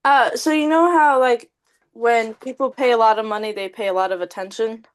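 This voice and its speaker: Higher-voiced woman asking a question. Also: fairly even intonation, moderate pace. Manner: casual, uses filler "like". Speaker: group member asking a question.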